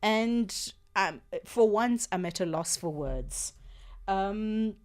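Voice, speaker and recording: Woman, radio host, slow and deliberate delivery, very lively pitch, earnest and emphatic. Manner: earnest, emphatic, thinking aloud. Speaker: radio talk show host. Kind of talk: talk radio commentary. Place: radio studio.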